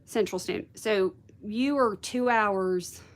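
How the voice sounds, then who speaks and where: A woman's voice: medium pitch, slow pace. A woman hosting a casual craft livestream, chatting with viewers and thinking aloud. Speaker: craft video host.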